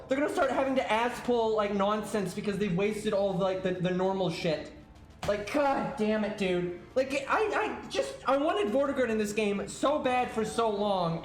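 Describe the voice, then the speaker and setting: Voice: mid-range voice, echoey room. A streamer on a livestream, ranting, swearing and stammering out of exasperation. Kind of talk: livestream rant.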